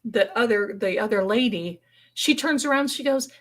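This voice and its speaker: A woman's voice: on the high side, normal speed, a bit bright. A woman telling a story on a live stream in a dramatic, folksy way, calling her listeners darlings. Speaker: paranormal storyteller guest.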